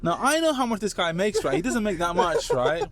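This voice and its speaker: Fast-talking man with a London accent. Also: high voice, a loud crowd. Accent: London English. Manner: animated anecdotes, tags statements with "right?". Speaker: podcast guest. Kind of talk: casual chat, storytelling.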